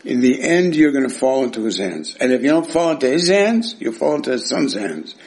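A man's voice: medium pitch, big pitch swings, a little fast, darkish tone. A man teaching a Talmud class, explaining the texts with wry, sarcastic asides.

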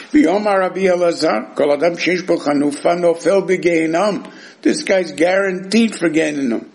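Lively, gravelly man teaching Talmud. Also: fairly high pitch. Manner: explains texts with wry, sarcastic asides. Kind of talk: Talmud study class.

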